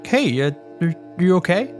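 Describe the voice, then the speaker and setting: A man's voice: high-pitched, big pitch swings, normal speed, faint music behind. Man playing an earnest young hobgoblin boy. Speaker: player. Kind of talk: in-character tabletop role-play.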